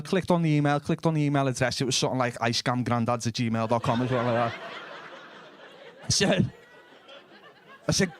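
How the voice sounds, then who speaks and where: A man's voice: mid-range voice, fairly quick, long pauses. A young man with a Liverpool accent doing live stand-up, blunt and sweary, chatting with the audience. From Liverpool, England. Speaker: stand-up comedian. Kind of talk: live stand-up comedy with crowd work.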